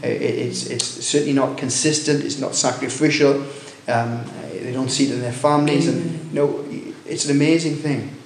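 A man preaching a sermon, telling a story with many restarts and rising excitement at its loud moments. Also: medium pitch, reverberant, a little hiss or hum. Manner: halting, many restarts, rises when telling of shouting.

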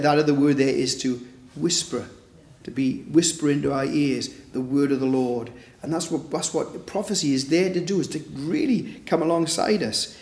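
A man's voice: fairly high pitch, reverberant. A man preaching informally at a Bible study, talking conversationally and tagging points with rhetorical questions. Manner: conversational, with frequent "isn't it?" tag questions.

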